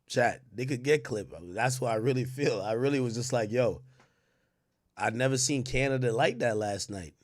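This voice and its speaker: A man from Jamaica hosting a livestream, ranting loudly and profanely, dropping from shouts to low mutters. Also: normal speed, dry recording, clean studio sound. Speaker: livestream host. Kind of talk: animated livestream rant.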